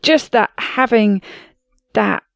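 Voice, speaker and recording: A woman's voice: a little high, slow pace, creaky, no room sound, studio quality. A woman hosting a podcast, asking supportive, leading questions of her guest. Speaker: podcast host. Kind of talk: interviewing a guest.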